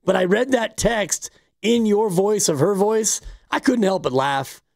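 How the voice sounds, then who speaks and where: A man co-hosts a sports talk radio show with a high voice and a gravelly edge. He talks in a wry, conversational way, and the sound is dry and close. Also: measured pace, a little mellow, no echo. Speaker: radio co-host.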